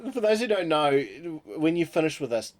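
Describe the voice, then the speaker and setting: A man's voice: a little high, lively intonation, a little fast. A man co-hosting a casual podcast, bantering and cutting in with jokes. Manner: joking interjections. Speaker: podcast co-host.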